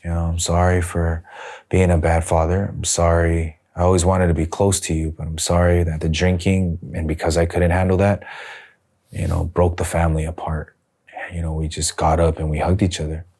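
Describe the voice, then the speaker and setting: A middle-aged man from Los Angeles, a prison minister, telling his life story in an interview in a soft-spoken, reflective way, acting out the conversations he recalls. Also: low-pitched, flat delivery, normal speed. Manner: soft-spoken, reflective, retells scenes with quoted dialogue.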